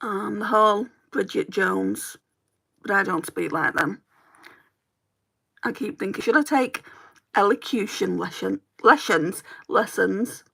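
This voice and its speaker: On her chatty get-ready-with-me stream, an Englishwoman with a Northwest accent applies makeup and responds to viewer comments. She's very animated yet a little slow, mid-range in pitch, with vocal fry, long pauses, and a fairly bright tone.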